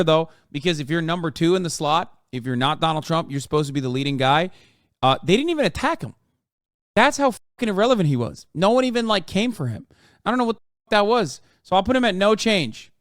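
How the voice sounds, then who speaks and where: Sarcastic man with a smooth voice. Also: a little high, a bit bright, no echo, clean studio sound. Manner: sarcastic, swears a lot, mocks in put-on voices. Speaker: streamer reacting to a political debate. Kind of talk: casual profane commentary.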